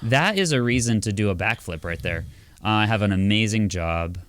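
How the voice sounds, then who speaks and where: A man's voice: lowish voice, lively intonation, moderate pace, a bit bright, clear, resonant tone, no room sound. A man hosting a casual comedy podcast, talking in a wry, self-mocking grouchy way. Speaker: podcast host, worship pastor.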